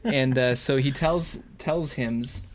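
A man's voice: mid-range voice, takes it slowly. A man co-hosting a podcast, recapping an episode in casual chat and slipping into a mock mobster voice for jokes. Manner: joking, slips into put-on mobster voice. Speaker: podcast co-host.

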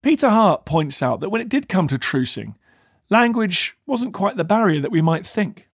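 Dry, lively male documentary narrator. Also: high-pitched, moderate pace, dry recording.

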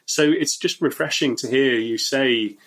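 A man's voice: medium pitch, a little slow, fairly bright tone. A man hosting a conversational interview, affirming and thoughtful as he reflects back. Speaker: host.

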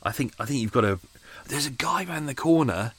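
A man's voice: medium pitch, lively intonation, fairly quick, a bit bright, breathy edge, no room sound. A man with a London accent chatting casually on his boat while making coffee, rambling and swearing with self-mocking asides. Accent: London English. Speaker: vlogger living on a boat.

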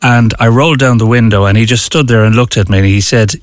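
A man's voice: medium pitch, fairly even intonation, quick pace, no room sound. An Irish man hosting a chatty radio segment, telling stories with an easy manner. The recording is dry and close, with little room sound. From Ireland. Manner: chatty, tells anecdotes with easy laughs. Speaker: radio host. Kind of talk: casual radio chat.

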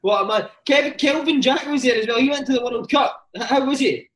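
A man's voice: very high-pitched, a little fast, fairly bright tone. A man hosting a casual interview, prompting his guest with short questions. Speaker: podcast host, interviewer.

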